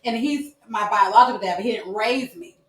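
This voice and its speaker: A woman's voice: a little high, a little fast. Agreeable woman podcast host, roomy sound. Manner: agreeable, many short affirmations. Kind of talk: casual interview chat. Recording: roomy echo.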